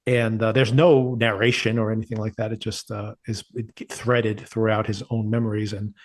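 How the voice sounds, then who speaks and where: A man's voice: fairly low pitch, flat delivery, normal speed. Chatty man reviewing a TV show. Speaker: podcast co-host. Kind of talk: casual TV review chat.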